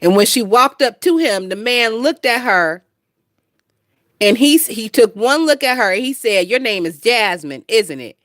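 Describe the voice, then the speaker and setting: A woman in her twenties hosts a casual gossip livestream, brash and profane, reading viewer comments aloud and laughing often. Her voice is on the high side and animated at a moderate pace, with clean studio sound and no echo.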